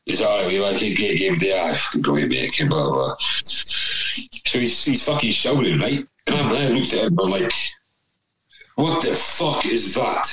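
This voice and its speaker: A man's voice: sits low, expressive, brisk, few pauses, a bit bright, slight background noise, low-quality recording. A Scottish man telling football stories in casual chat, swearing freely and acting out the people in his tales. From Scotland. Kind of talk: casual anecdote in a podcast chat.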